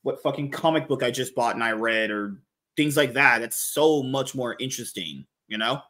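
A man's voice: medium pitch, normal speed, pushed and bright. A man hosting a podcast in casual chat, rambling and swearing freely. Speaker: podcast host.

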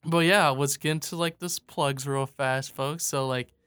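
A man's voice: fairly high pitch, fairly even intonation, unhurried, a bit bright, clear, resonant tone, no room sound. A man hosting a podcast in casual chat, loose and rambling, talking to listeners as folks. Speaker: podcast host.

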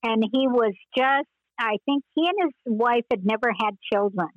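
An older woman and former child actress, telling stories in an interview with meandering pauses and frequent laughs. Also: a little high, no echo, muffled recording. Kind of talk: reminiscing interview.

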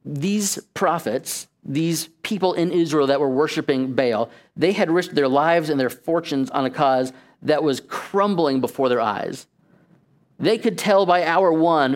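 Male pastor, sermon, slightly high voice, casual and joking, acts out quotes. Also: moderate pace.

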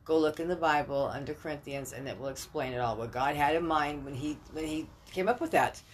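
A woman's voice: low-pitched, fairly quick, a little hiss or hum. A middle-aged woman chatting casually, emphatic and preachy about faith and love. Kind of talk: casual chat.

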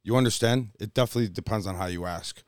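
A DJ co-hosting a podcast chats casually at a racing pace in a lowish, clear, resonant voice. He swears freely and jokes while mimicking crowd members. The audio is studio quality with no echo.

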